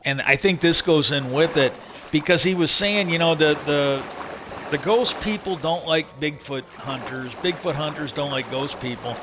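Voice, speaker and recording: A man's voice: a little high, normal speed, noisy background. A middle-aged man hosting a livestream, rambling in casual chat and swearing freely as he retells what he heard. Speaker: livestream host.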